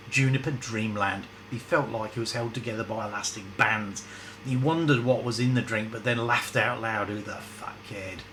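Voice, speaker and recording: A man's voice: mid-range voice, a bit bright, rough recording. A male storyteller with a mid-range voice who reads his story loosely and keeps stepping out of it for chatty asides. There is faint background noise behind him. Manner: chatty, breaks off into asides and laughs. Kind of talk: casual story reading with asides.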